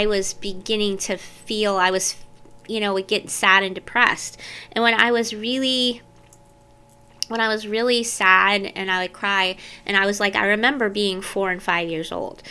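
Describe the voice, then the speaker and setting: Brief: woman vlogger with a smooth voice, telling her story candidly and meandering. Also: mid-range voice, pushed and bright. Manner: candid, meandering, self-interrupting. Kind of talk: personal storytelling to camera.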